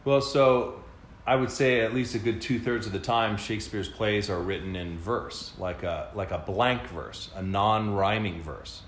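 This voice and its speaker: On a podcast he co-hosts, a man with a lowish, unhurried voice explains things at length in a casual way, full of fillers and restarts. The room is echoey, with faint background noise.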